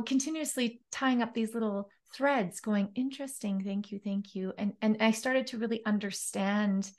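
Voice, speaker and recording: A woman hosting a casual interview, sharing reflections in a heartfelt way and laughing often. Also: mid-range voice. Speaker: interview host.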